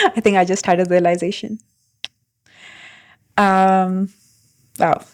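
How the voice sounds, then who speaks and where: A woman's voice: mid-range voice, level tone, clear, resonant tone. Thoughtful young woman musing aloud. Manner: thoughtful, halting, many fillers and restarts. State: briefly emotional. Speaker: vlogger. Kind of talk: reflective casual monologue.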